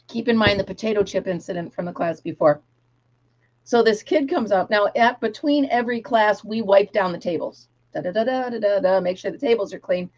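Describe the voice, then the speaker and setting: A woman hosts a casual live stream and tells long, rambling stories with plenty of animation. Her voice sits at an ordinary middle pitch. The audio is a little dull and lo-fi. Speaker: host. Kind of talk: casual chat, storytelling to viewers.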